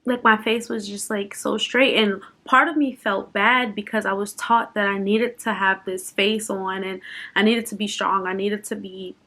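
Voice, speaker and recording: A woman's voice: mid-range voice, steady tone, moderate pace, bright, forceful tone. A young woman chatting unscripted in a personal vlog, open and emotional, laughing and fighting back tears at times. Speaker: vlogger.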